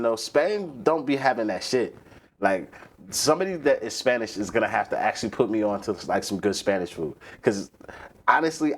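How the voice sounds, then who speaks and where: A man from the East Coast US hosting a live stream, chatting casually and profanely, ranting about food and reading chat messages aloud. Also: lowish voice. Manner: profane, animated, rants and reads chat aloud. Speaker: livestream host.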